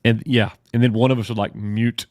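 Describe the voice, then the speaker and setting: A man's voice: medium pitch, steady tone, a little fast, a little mellow, no echo, clean studio sound. A man co-hosting a casual live stream, telling friendly stories and thanking viewers by name. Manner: friendly, storytelling, addresses chat by name. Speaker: co-host.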